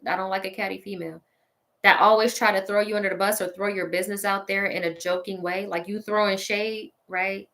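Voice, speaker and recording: A woman hosting a show and delivering a casual, sassy comedic rant straight to her listeners, laughing often along the way. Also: medium pitch. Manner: sassy, petty, animated ranting. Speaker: podcast host.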